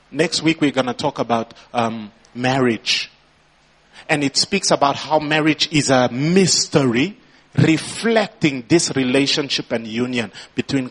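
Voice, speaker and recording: A man preaching a sermon as pastor, prompting the congregation and rising into emphatic bursts. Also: mid-range voice.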